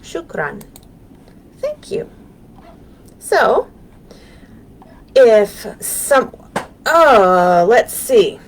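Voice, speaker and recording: An American woman leads a live storytime for young children with a lively, sing-song voice that rises and falls a lot. She is gentle and encouraging and pauses often with ums, speaking over a webcam. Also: a little high, slight background noise. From United States. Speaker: children's librarian. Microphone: webcam on a live stream.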